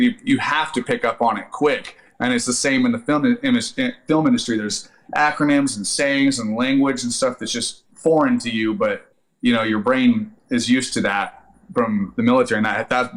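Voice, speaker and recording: A man speaking as a podcast guest, rattling through a personal story at a quick clip. His voice sits at an ordinary middle pitch. He talks casually, swears freely and leans on fillers as he goes. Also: rough recording. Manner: lively anecdotal retelling, profane, many fillers. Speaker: podcast guest, actor and army veteran.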